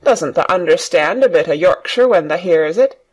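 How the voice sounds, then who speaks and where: A reader voicing a young girl who proudly tries out a broad country dialect, speaking slowly and playfully. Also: medium pitch, animated. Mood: teasing.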